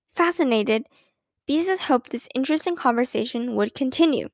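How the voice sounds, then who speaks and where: A woman narrating a children's book aloud in a gentle, expressive way. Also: high voice, normal speed, no echo.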